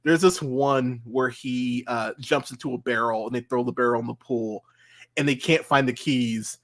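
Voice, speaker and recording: A man co-hosting a movie podcast, chatting casually and rambling excitedly through film scenes with lots of fillers and laughter. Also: medium pitch, moderate pace. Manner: rambling, animated, laughs a lot, many "like" fillers. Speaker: podcast co-host. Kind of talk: casual film review chat.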